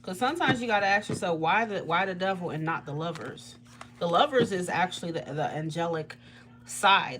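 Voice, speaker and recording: A woman reads tarot on a casual livestream in a fairly bright tone, with a little hiss or hum in the recording. She's outspoken and swears freely, laughing often as her pitch leaps abruptly upward.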